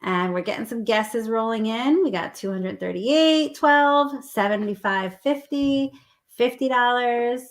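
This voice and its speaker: A woman's voice: a little high, lively intonation, unhurried. A woman co-hosting a casual live stream, chatting and reading out lists of viewer guesses. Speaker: livestream co-host.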